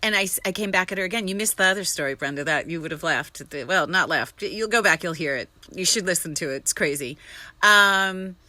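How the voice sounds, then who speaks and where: A woman casually telling her live-stream viewers a rambling story, excitable and swearing freely. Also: fairly low pitch, brisk, dry recording.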